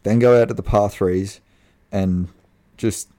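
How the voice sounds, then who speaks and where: A man's voice: on the low side, fairly even intonation, measured pace, mellow. A young man with an Australian accent co-hosting a casual podcast, blunt and laid-back, swearing freely. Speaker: podcast co-host. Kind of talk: casual chat.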